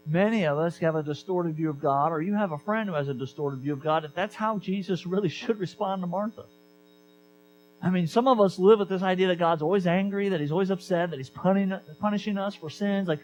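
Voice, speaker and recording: A man preaching a sermon as pastor, conversational and animated, repeating key lines for emphasis. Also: high-pitched, lo-fi sound.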